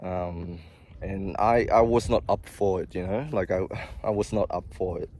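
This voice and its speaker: Deep, steady and a little mellow, this young healthcare worker speaks at normal speed in a casual talking-to-camera vlog. He's out of breath, confiding in viewers and wandering off into frequent asides.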